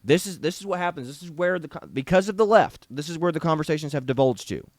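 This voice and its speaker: A man's voice: on the high side, animated, fast, no room sound, clean studio sound. A man hosting a talk show, giving indignant commentary with rhetorical questions. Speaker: show host. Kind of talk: opinionated commentary chat.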